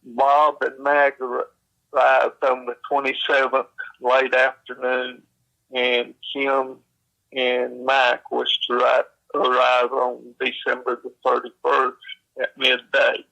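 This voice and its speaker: A man speaks slowly in a gravelly, bright-edged voice that barely rises or falls. He tells it plainly, filling pauses with "uh" and "you know". The sound is thin and lo-fi. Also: mid-range voice, completely flat delivery. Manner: slow, plain folksy telling with fillers. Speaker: storyteller. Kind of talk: recounting a secondhand encounter.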